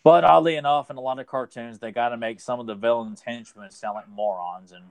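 A man's voice: mid-range voice, fairly even intonation, brisk, creaky, clear, resonant tone, no room sound. A man co-hosting a podcast, chatting casually and enthusiastically about an old cartoon in a rambling way. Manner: enthusiastic, rambling fan talk. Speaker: podcast co-host.

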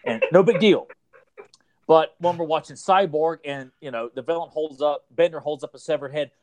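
A man's voice: fairly high pitch, moderate pace, a little hiss or hum. A man in his thirties on a podcast, rambling through childhood stories with lots of restarts. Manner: rambling, animated storyteller with restarts. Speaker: podcast co-host. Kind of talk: casual chat, storytelling.

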